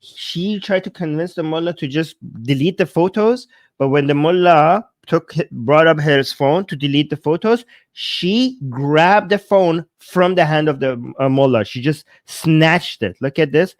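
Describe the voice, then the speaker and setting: Man commentator, pitched a bit high, stop-start delivery, translates as he goes, close dry recording. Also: expressive, no room sound. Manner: halting, with frequent restarts and repeated words. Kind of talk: casual commentary over a video.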